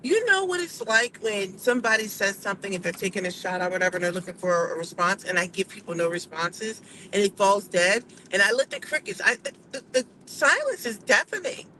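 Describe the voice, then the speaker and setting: A woman's voice: medium pitch, lively intonation, a little fast, few pauses, bright, forceful tone, a little hiss or hum, rough recording. Sassy, emphatic woman vlogger. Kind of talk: casual opinion monologue.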